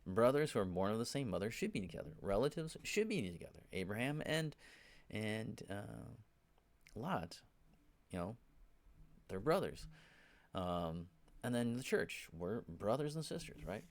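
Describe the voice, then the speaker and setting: A man's voice: fairly low pitch, very animated, measured pace, pauses often. A man giving an informal Bible teaching, often checking in with "right?" and "you know", and turning emphatic when he urges his listeners. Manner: grows emphatic when exhorting.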